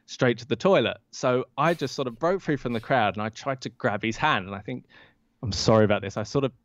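A man, a podcast guest and author, telling an anecdote in an interview and acting out the quoted lines with lively jumps in his voice. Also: medium pitch, brisk, no echo. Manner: lively storyteller who acts out quoted lines. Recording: dull lo-fi dry sound.

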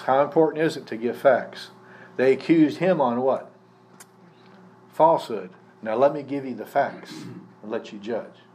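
A male pastor preaching at a live church service, talking the congregation through a passage and asking them questions as he goes. His voice sits in an ordinary middle pitch. A faint hum of noise runs under the recording. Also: darkish tone. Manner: conversational teaching, poses questions to the congregation. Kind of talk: sermon.

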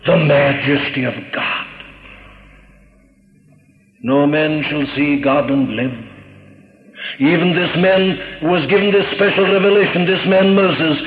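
A man's voice: on the high side, steady tone, slow, pauses often. A man preaching a sermon from the pulpit, solemn and emphatic, repeating his phrases and building to fervor. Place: church pulpit. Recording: dull, echoey old church sermon recording.

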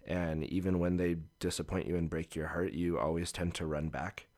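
Really deep voiced guy on a podcast, earnest, telling his story. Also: level tone, normal speed, a little mellow. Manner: earnest, reflective. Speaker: podcast guest. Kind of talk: personal storytelling in conversation.

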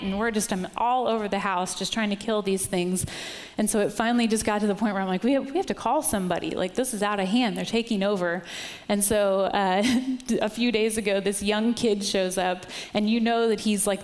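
A woman worship leader preaches in a church, slipping into a relaxed, chatty storytelling style full of "like"s. Her voice sits at an ordinary pitch, and a long reverb from the hall trails after her words. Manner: chatty storytelling with many "like"s and laughs. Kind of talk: sermon with personal story. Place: church sanctuary.

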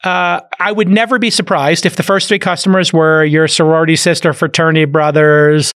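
A man's voice: a little high, a little fast. A man from Brooklyn hosting a podcast, chatting casually and telling stories with jokey asides. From Brooklyn, New York. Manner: animated, jokey storytelling with frequent asides. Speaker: podcast host. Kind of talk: casual business podcast chat.

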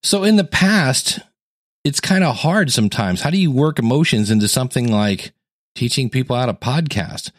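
A man's voice: medium pitch, animated, moderate pace, no room sound, studio quality. A man hosting a solo podcast on how to podcast, talking conversationally and enthusiastically and acting out quotes. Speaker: podcast coach and host. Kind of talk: solo educational podcast monologue.

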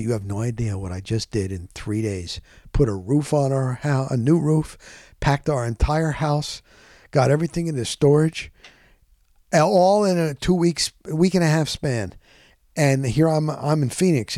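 A middle-aged man hosting a podcast, telling a rambling story in a casual, animated way and often correcting himself. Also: a little high, normal speed, dry recording, studio quality. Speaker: podcast host.

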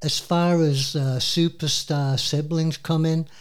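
Slow-talking rambling male radio host. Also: fairly high pitch, steady tone, clean tone. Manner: rambling, full of fillers and restarts. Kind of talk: casual music chat.

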